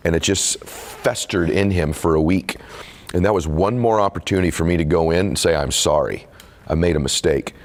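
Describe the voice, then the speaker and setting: This middle-aged man, a podcast host and author, has a very deep, low voice with a darkish tone. In an interview he shares a personal story candidly, sounding earnest and confessional as he presses into its emotional moments.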